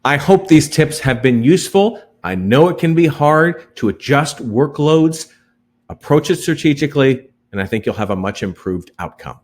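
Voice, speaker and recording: A man's voice: fairly high pitch, normal speed. A middle-aged man, a professional speaker, giving an emphatic virtual presentation on managing staff. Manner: animated, emphatic delivery.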